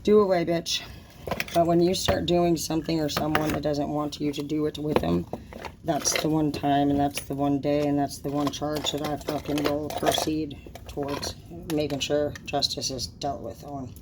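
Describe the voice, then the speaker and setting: Woman, low voice, casual vlog rant, swearing, blunt, upset, clicking noise behind. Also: level tone, normal speed. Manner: profane, blunt and indignant. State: upset and annoyed.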